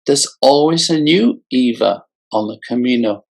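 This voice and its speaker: A man voicing a grown son who talks like a meek child, in a whimpering falsetto. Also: a little slow, gravelly. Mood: childish.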